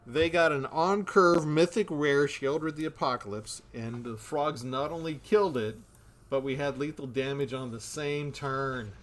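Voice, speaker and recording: A man's voice: a little high, unhurried. A man giving casual commentary on a card game he is playing, thinking aloud about his moves.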